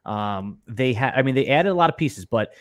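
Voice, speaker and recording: Brief: relaxed male co-host, mid pitch, dry, close sound. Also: moderate pace, dry recording. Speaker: podcast co-host. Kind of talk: casual fantasy sports chat.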